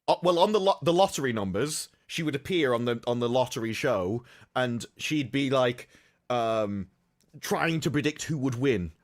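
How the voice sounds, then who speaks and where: A man's voice: medium pitch, moderate pace. A man from the UK, co-hosting a podcast in casual, mocking chat. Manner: mocking, animated, laughs through jokes. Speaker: podcast co-host.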